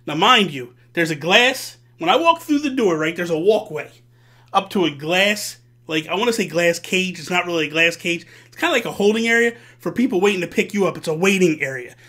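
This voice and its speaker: A man hosting a vlog, telling a story in a casual, animated and profane way. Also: high voice, brisk. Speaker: host.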